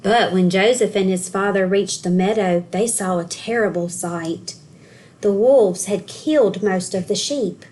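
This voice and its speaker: A woman school counselor reading a children's storybook aloud, telling the story clearly and expressively for young children. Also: mid-range voice, unhurried.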